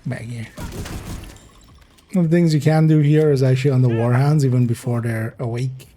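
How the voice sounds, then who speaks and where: Mellow-voiced man rambling over gameplay. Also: medium pitch, fairly even intonation, normal speed, soft background music. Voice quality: rambling, sarcastic asides. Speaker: streamer playing a video game. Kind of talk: casual gameplay commentary.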